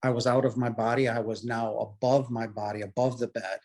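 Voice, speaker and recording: A man's voice: mid-range voice, fairly even intonation, brisk, darkish tone. A man in his late forties, a guest telling a personal story in an earnest, heartfelt and emotional way. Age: late 40s. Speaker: guest telling his near-death experience.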